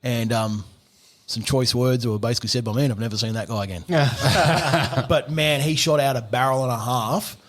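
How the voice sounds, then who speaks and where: A middle-aged man, a gunsmith telling a story on a podcast, animated, swearing and laughing often. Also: mid-range voice, normal speed. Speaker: gunsmith guest.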